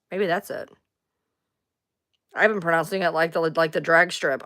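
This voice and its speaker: A woman's voice: sits low, normal speed, long pauses, bright, forceful tone. A woman hosting a casual livestream, rambling loosely, answering chat comments and swearing now and then. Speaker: livestream host.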